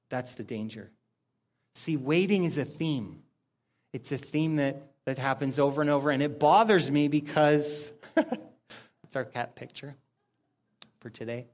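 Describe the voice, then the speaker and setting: A man's voice: mid-range voice, a little mellow. A man preaching an informal sermon, repeating key phrases for emphasis and breaking into short acted-out exchanges. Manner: informal, acts out little dialogues in quick put-on voices. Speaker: pastor. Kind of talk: conversational sermon.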